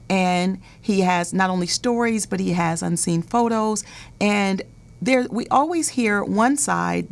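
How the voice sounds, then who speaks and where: A woman hosting an interview talk show with callers, chatty and quick to laugh, often repeating words as she goes. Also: medium pitch, vocal fry.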